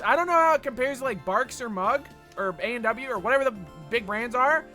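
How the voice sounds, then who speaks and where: A man's voice: very high voice, animated, fairly quick, pushed and bright, faint music behind. A young man streaming a game, chatting casually and reading chat with a rambling, sweary manner full of fillers.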